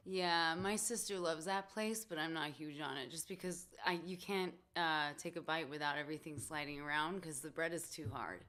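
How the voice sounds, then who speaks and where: Female guest, lower pitch, quiet and matter-of-fact, a bit off-mic. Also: steady tone, moderate pace, few pauses. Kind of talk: casual chat. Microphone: shared headphones, off-mic.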